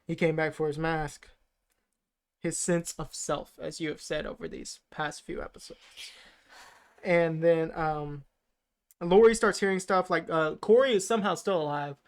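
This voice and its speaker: A man's voice: fairly high pitch, fairly even intonation, normal speed. A man co-hosting a podcast, loosely retelling a film plot with lots of fillers. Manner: rambling, filler-heavy retelling. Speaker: podcast co-host. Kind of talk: casual movie recap.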